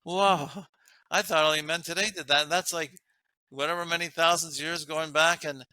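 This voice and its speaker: A man's voice: fairly high pitch, fairly even intonation, brisk, bright, forceful tone, smooth, dry recording. A man, a guest author, talking earnestly about relationships and laughing often as he makes his points. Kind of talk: casual interview talk.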